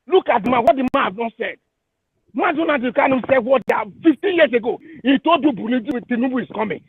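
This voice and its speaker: A man with a Nigerian English accent, calling in and ranting in fury, shouting and hurling repeated insults. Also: very high voice, vocal fry, slightly rough, dry recording. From Igbo region of Nigeria. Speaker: caller. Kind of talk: angry call-in rant. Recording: tinny phone line.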